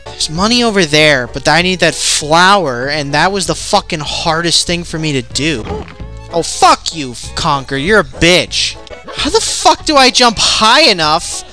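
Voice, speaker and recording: A young woman streaming a video game, swearing constantly and yelling at the game in frustration. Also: on the low side. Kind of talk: gaming let's play commentary.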